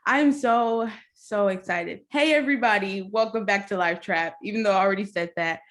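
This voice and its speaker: A young woman hosting a casual podcast interview, bubbly, chatty and openly nervous and excited. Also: medium pitch, normal speed. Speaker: podcast host.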